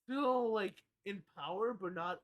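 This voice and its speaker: A man's voice: high voice, measured pace, dull audio. A young man rambling through a casual live stream, often correcting himself and swearing freely.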